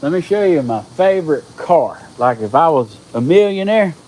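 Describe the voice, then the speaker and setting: A man, chatting casually with viewers on a live stream, folksy and excitable. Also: on the high side, normal speed, rough recording. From Georgia, US. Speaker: livestream host.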